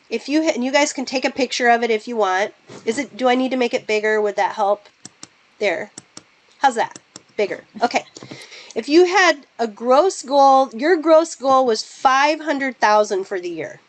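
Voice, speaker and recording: A woman's voice: fairly high pitch, low-quality recording. A woman presenting a business planning webinar for real estate agents, asking the audience direct questions and walking them through sales math step by step. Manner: talks through numbers step by step.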